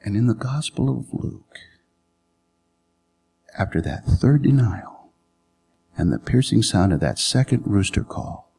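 A man preaching a sermon, retelling a scripture story with acted-out lines and sudden hushed whispers. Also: on the low side, expressive, measured pace, gravelly, pauses often. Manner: dramatic storytelling, acting out scenes, dropping to whispers for emphasis. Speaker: pastor.

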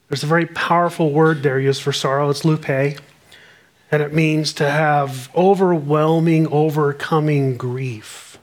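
A man with a slightly high voice delivers a sermon. He works through scripture verse by verse and reads passages aloud with earnest emphasis. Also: fairly even intonation, a little slow. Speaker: pastor.

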